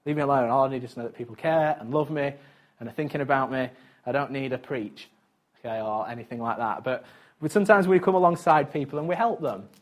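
A man's voice: mid-range voice, quick pace. A man preaching a casual, conversational sermon, chatty and self-mocking, with frequent asides to his listeners.

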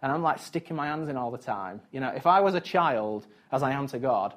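A man's voice: mid-range voice, lively intonation, a little fast, a bit bright. A man preaching a casual, conversational sermon, chatty and self-mocking, with frequent asides to his listeners.

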